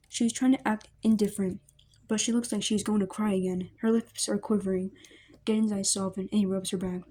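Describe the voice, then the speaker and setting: A woman narrates a fan story in a plain, steady voice. Her tone is mellow and dark, and her pitch stays at an ordinary level. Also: fairly quick. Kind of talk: reading a fan story aloud.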